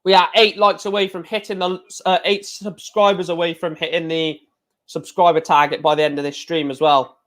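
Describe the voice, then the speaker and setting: A man giving casual live reaction commentary on a darts match, chatty and excitable, with hiccups. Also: a little high, moderate pace. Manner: excitable, chatty, sings along with crowd chants.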